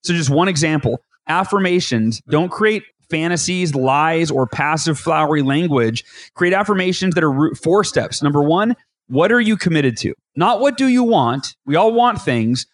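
Middle-aged male guest, slightly high voice, energetic storyteller, close dry mic. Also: no echo. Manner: energetic, talks fast, acts out his own thoughts in quotes. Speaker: guest author. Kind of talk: animated interview storytelling.

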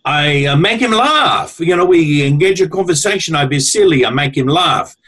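A stout old Italian grandmother in her seventies, as a man puts her on, speaking in a thick put-on Italian accent and broken English. She is blunt and earthy and repeats herself for emphasis, in a voice pitched fairly high for a man. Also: expressive, moderate pace, a bit bright. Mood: emphatic. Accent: put-on Italian-English broken speech. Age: older.

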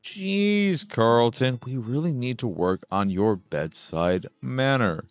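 A man's voice: mid-range voice, animated, slow pace, dry recording. A man putting on an exasperated young inventor woman.

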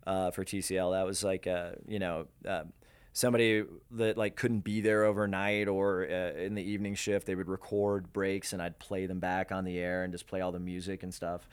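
Radio man in his forties, low voice, rambling anecdotes, easygoing interview guest. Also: flat delivery, normal speed, clear, resonant tone. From Denver, USA. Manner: rambling, lots of fillers and laughs. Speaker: radio DJ and program director, guest. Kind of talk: casual interview storytelling.

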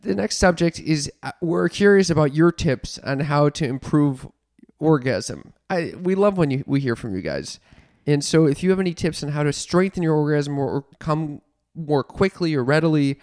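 A man's voice: a little high, animated, normal speed, hardly any pauses, darkish tone, no room sound, clean studio sound. A young man co-hosting a podcast, chatting casually and teasing with a playful manner. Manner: playful, teasing, laughs at his own jokes. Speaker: podcast co-host. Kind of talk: casual comedic chat.

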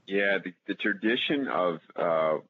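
A low-voiced man with a husky, slightly breathy tone tells a long hunting story, circling back on his words and restarting often. His voice comes through a thin, tinny line, as if he called in by phone. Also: a little slow. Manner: rambling, many restarts and fillers, animated when retelling. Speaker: podcast guest. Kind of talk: casual storytelling.

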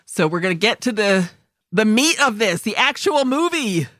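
A chatty woman co-hosting a film podcast, laughing easily and slipping into quoted voices as she talks. Her voice sits at a middle pitch, recorded close and dry with no room sound. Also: very animated, moderate pace, a bit bright, no echo. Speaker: podcast co-host. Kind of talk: casual film discussion.

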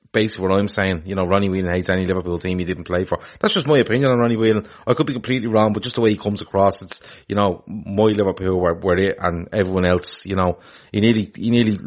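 A man co-hosting a casual football chat show, animated and opinionated, swearing freely. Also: lowish voice. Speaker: podcast co-host.

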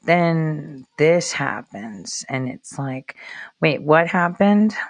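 A woman live-streaming casual commentary, excitable and rambling, with quick asides to her chat. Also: sits low. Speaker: livestreamer.

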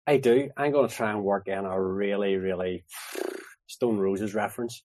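A man's voice: on the low side, moderate pace, a little mellow, dry recording. A man with a Belfast accent joking around on a casual sports podcast. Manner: jokey and playful. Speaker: podcast co-host.

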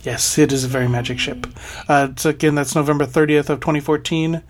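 A man's voice: on the high side, fairly even intonation, fairly quick. Upbeat man hosting a podcast. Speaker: podcast host. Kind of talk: casual podcast chat.

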